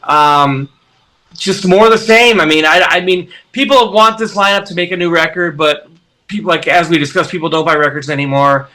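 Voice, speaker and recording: A man's voice: a little high, moderate pace. A man in his forties, a musician guest, telling road stories casually and acting out the quotes. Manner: animated storyteller, acts out quotes. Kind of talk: casual interview storytelling.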